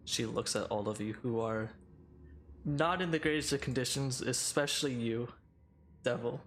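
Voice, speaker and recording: Brief: aloof drow woman, measured and patronizing, played by a man. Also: medium pitch, a bit bright, slight background noise, natural voice. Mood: cool, condescending. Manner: measured, condescending. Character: cool, condescending drow woman.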